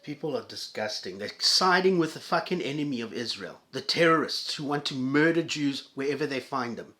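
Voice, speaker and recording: A man ranting profanely and sarcastically as a commentator reacting to videos, loud one moment and muttering the next. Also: medium pitch, lively intonation, brisk. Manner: angry, sarcastic and profane, with swings in loudness.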